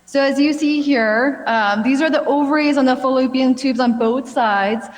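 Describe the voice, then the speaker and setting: A woman in her thirties gives a friendly, chatty talk as a gynecologic cancer doctor. Her voice sits fairly high and she pads her sentences with easy fillers. A long reverb trails behind her words in a large hall. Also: normal speed, a little hiss or hum. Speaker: gynecologic oncologist giving a talk. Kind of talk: health expo presentation.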